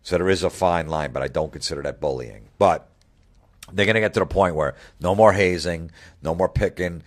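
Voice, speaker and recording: A man's voice: low voice, brisk. A middle-aged man hosting a comedy podcast, ranting bluntly and swearing constantly. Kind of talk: profane comedic rant.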